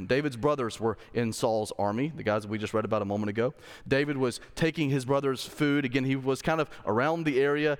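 A male pastor preaching a sermon in a relaxed, conversational way, with slang asides, building to emphatic points. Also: mid-range voice, big-room sound. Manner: rises to emphatic intensity when making a point. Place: church sanctuary.

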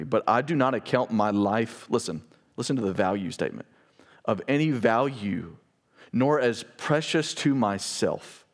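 Earnest male pastor preaching a sermon. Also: fairly low pitch. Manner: earnest, emphatic preaching with repeated words and restarts, drops to quiet for emphasis.

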